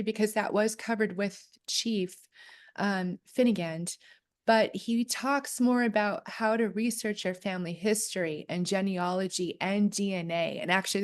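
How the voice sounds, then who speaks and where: A woman co-hosting a casual chat on clan history and family research, often reading aloud from a booklet. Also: medium pitch. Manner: chatty, reads aloud from a booklet. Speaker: co-host.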